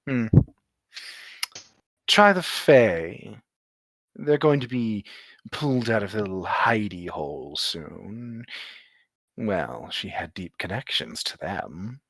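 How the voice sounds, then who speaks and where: A man voicing an ancient female elemental of destruction who speaks in a slow, drawling, lazily amused way in a tabletop game. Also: on the low side, lively intonation, gravelly, a bit bright, breathy edge, dry recording, pitched below the performer's own voice, exaggerated voice. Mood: languid.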